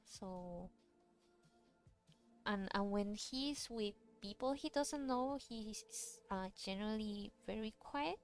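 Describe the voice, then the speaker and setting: A woman's voice: mid-range voice, slow, faint music behind. A woman chatting casually while she draws, rambling with many fillers and restarts. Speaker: VTuber artist streaming a drawing session. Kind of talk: casual chat while drawing.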